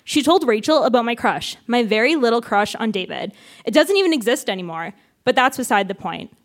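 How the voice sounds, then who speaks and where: A woman's voice: on the high side, expressive, a little fast. A woman reading her teenage diary aloud on a theatre stage, often laughing through her lines. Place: theatre stage with a live audience.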